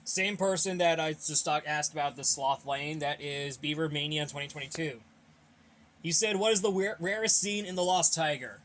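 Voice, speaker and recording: A man's voice: fairly high pitch, fairly even intonation, normal speed, fairly bright tone. A young man hosting a casual Q&A, reading viewer questions and giving blunt, rambling opinions while a little out of breath. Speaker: host of a fan Q&A channel.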